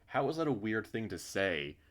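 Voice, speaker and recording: A man's voice: fairly low pitch, big pitch swings, normal speed. A man reading a visual novel aloud, breaking off for blunt, sweary asides. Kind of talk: reading a story aloud with casual commentary.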